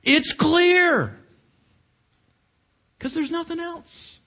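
A man's voice: extremely high pitch, expressive, drawn-out words, pushed and bright. A man preaching a sermon, questioning his congregation and stressing his points. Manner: questioning the audience, emphatic.

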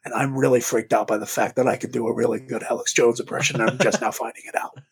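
Guy doing a low gruff conspiracy radio ranter, defensive and backpedaling. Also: level tone, fast, lightly acted. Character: ranting male conspiracy radio host.

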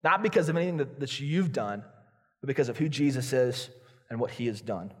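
A man's voice: medium pitch, expressive, a little fast, husky. Earnest male pastor in a reverberant hall. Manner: earnest, confessional preaching that acts out inner prayers. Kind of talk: sermon.

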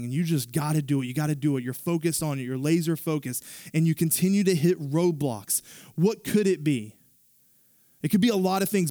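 A man preaching a sermon, retelling a scripture story in a casual, animated way with fillers and asides to the congregation. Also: fairly high pitch, no echo, studio quality. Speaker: pastor.

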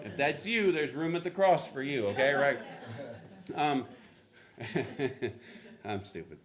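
A man preaching a sermon as pastor, telling a story in an animated way, acting out quotes with sudden jumps in pitch and adding self-deprecating asides. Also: takes it slowly, a crowd in the background.

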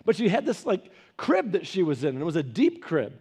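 A high-pitched, husky-voiced middle-aged pastor leads a Bible study at a brisk pace. He preaches conversationally, telling family stories and animatedly acting out the people's voices.

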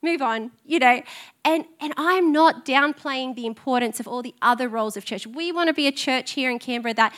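A woman's voice: sits high, brisk, fairly bright tone. A middle-aged woman, preaching a sermon in an earnest, conversational way and telling personal stories. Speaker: pastor.

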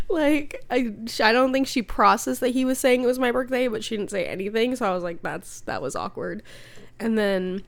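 A woman's voice: fairly high pitch, normal speed, creaky. A woman co-hosting a podcast in casual chat. She tells stories with lots of quoted dialogue and swears freely. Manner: animated storytelling, quoting others, swears freely. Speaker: podcast co-host.

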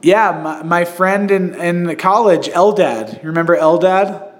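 Guy on a podcast rambling thru a story, um and like everywhere, laughs a lot, kinda high voice. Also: a little slow. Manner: rambling storyteller, many fillers and restarts, laughs often. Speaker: podcast host. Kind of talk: casual chat.

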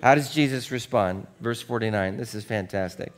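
A male pastor giving a sermon, moving between quiet, earnest reflection and lively, conversational storytelling with playful impressions. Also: mid-range voice, normal speed.

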